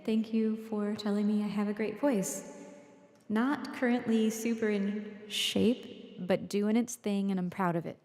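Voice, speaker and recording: A woman's voice: mid-range voice, steady tone, measured pace, a little mellow, roomy sound, big-room sound. Woman chatting through a music session. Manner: chatty, self-deprecating, talks to herself while working. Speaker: musician livestreaming a songwriting session. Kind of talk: casual livestream chat while recording. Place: home music studio.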